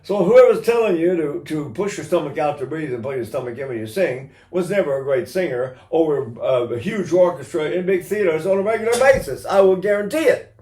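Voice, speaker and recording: A man's voice: fairly high pitch, a little fast. Older male voice teacher in a roomy echo. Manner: animated, demonstrates with sung vowels and laughs. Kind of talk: singing lesson with sung examples.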